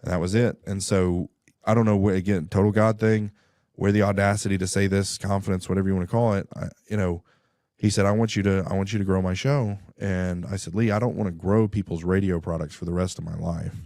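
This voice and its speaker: A man's voice: deep voice, steady tone, brisk, warm tone, dry recording, clean studio sound. A man, a radio guest, telling a story in casual talk and acting out both sides of phone calls.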